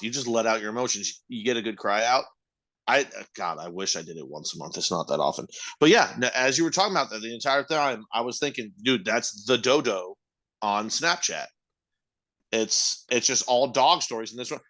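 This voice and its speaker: A man's voice: mid-range voice, bright, forceful tone. A young man co-hosting a podcast in casual chat, rambling loosely and swearing freely. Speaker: podcast co-host.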